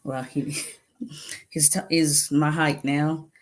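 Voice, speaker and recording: A woman's voice: deep voice, level tone, takes it slowly. A woman with a Nigerian accent, an immigration attorney chatting casually with viewers on a livestream, sounding tired after a long day. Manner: chatty, laughing, greets viewers by name.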